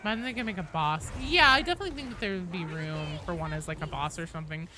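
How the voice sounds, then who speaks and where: A woman's voice: fairly low pitch, expressive, fast, bright, forceful tone, slight background noise. A woman streaming a game, chatting casually and answering viewers' messages while she plays. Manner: chatty, reads and answers chat while playing. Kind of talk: casual live-stream chat.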